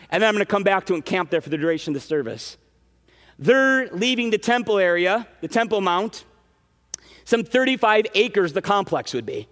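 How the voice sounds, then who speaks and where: A man preaching a sermon as pastor, earnest and emphatic, with quick asides and restarts. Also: high-pitched, fairly bright tone, big-room sound. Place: church sanctuary.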